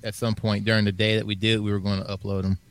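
A man's voice: lowish voice, flat delivery, very fast, no room sound. A man in a casual group chat, grumbling in an exasperated way about a company.

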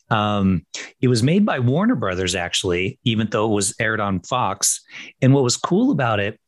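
A man with a fairly low voice co-hosts a podcast, walking through background facts in a steady, explanatory manner. The sound is close and dry, with almost no room around it. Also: moderate pace, no room sound. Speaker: podcast co-host. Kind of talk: casual chat.

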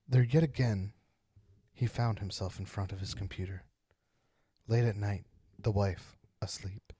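A man's voice: lowish voice, fairly even intonation, measured pace, warm tone, husky, dry recording, clean studio sound. A man hosting a casual podcast, joking around and reading spooky stories aloud with dramatic emphasis. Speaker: podcast host.

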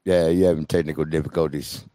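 A man's voice: a bass voice, level tone, fast talker, mellow, no echo, clean studio sound. A man co-hosting a casual radio talk show, joking and teasing his co-hosts and laughing often. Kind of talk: casual banter.

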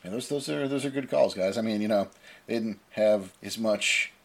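A man co-hosting a casual podcast, playful and quick to agree with the others. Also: lowish voice, gravelly.

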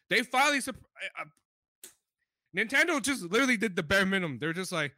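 A young man co-hosting a podcast in casual chat, excitable and profane, often laughing. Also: sits high, fast talker, no echo. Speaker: podcast co-host.

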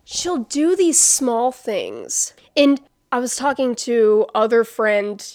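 A young woman co-hosting a podcast in casual chat, telling a story animatedly and acting out quotes loudly, with many fillers and swearing. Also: fairly high pitch, big pitch swings, takes it slowly, dry recording, clean studio sound. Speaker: podcast co-host.

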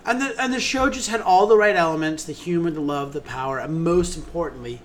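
A man's voice: fairly high pitch, fairly quick, a little hiss or hum. A man co-hosting a theater podcast, gushing enthusiastically about shows in casual chat, with many ums.

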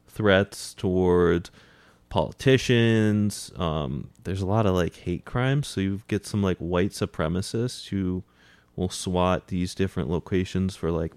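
A man's voice: deep voice, clean tone, no echo. A young man co-hosting a podcast, recounting stories in a laid-back, dry, teasing way. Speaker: podcast co-host. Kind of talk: casual chat, recounting news stories.

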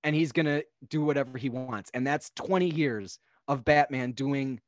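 A young man on a podcast, casually talking through a film in a rambling, animated way. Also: mid-range voice, normal speed, no echo. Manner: rambling, animated, acts out characters' lines. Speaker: podcast guest.

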